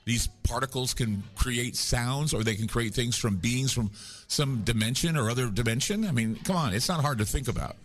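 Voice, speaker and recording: Faint music sits behind a man with a mid-range, fairly bright voice speaking at a moderate pace as a live guest at a paranormal conference. In casual chat he tells long, rambling, joking stories that poke fun at himself.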